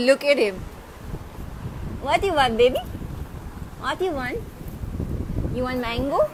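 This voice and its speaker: High-voiced woman coaxing her dog. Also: takes it slowly. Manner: coaxing baby talk to her pet dog. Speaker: live streamer chatting with fans. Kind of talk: casual live chat. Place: at home by the rain. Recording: steady rain noise behind.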